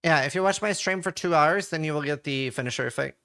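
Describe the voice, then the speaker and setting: A man's voice: fairly high pitch, fast, pushed and bright, smooth. A man from Norway, a game streamer, chatting casually and reading his chat aloud with offhand swearing.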